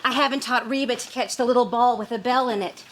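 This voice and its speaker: A woman's voice: fairly high pitch, steady tone, fast talker, fairly bright tone, a little hiss or hum, lightly acted. An actress playing a chirpy, overeager woman friend in a sitcom, with a sing-song, eager way of talking. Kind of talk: sitcom acting.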